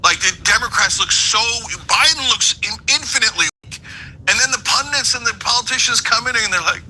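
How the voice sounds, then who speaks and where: Brief: male host with a heated, combative delivery and a sharp, bright tone. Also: extremely high pitch, a little fast, slight background noise, rough recording. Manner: ranting, heated. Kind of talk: political commentary.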